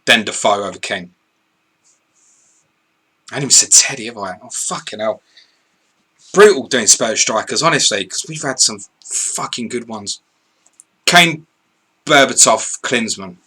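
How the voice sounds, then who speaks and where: A man's voice: mid-range voice, animated, normal speed, pauses often, sharp tone, breathy edge. A man, co-hosting a live stream, reading viewer questions and answering in blunt, sweary, casual chat. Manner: blunt, sweary, laughs easily.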